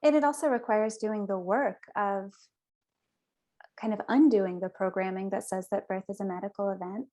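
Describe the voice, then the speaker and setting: A woman's voice: medium pitch, steady tone, moderate pace, mellow. A young woman guest on a podcast, telling her personal story in an earnest, chatty way. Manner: earnest, chatty, with small restarts.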